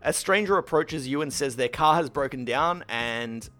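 A young man in casual podcast chat, telling a story with lots of swearing and acting out quotes in a high voice. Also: animated, moderate pace, bright, forceful tone, faint music behind. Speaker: podcast host.

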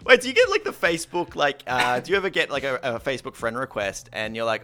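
Bright, lively man, teasing. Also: mid-range voice, fast, soft background music. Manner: playful, teasing, acts out quotes. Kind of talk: casual chat.

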